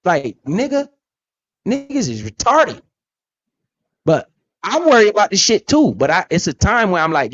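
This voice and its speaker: A man's voice: on the high side, very animated, normal speed, lo-fi sound. A man hosting a casual, profane talk about investing, blunt and emphatic with lots of slang. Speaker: podcast host.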